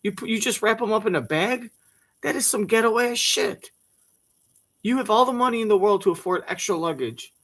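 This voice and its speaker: A man's voice: high voice, animated, brisk, a bit bright. A man ranting in a mocking, profane comedic way, swearing freely and putting on voices. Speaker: commentator reacting to a talk show clip.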